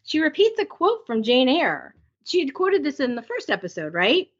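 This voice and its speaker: A woman's voice: sits high, wildly swooping pitch, moderate pace. A middle-aged woman co-hosting a podcast, chatting casually with lots of fillers. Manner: conversational, many fillers. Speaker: podcast co-host. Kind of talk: casual recap chat. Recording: dull lo-fi sound.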